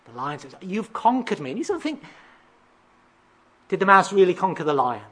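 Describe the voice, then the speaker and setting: A preacher with a husky, slightly breathy voice walks through a passage verse by verse. The delivery poses rhetorical questions and now and then stumbles into fillers before picking up the thread. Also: mid-range voice, big pitch swings, brisk, a bit bright. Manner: expository, asks rhetorical questions, reads out verses; occasional hesitant fillers and restarts. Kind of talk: sermon.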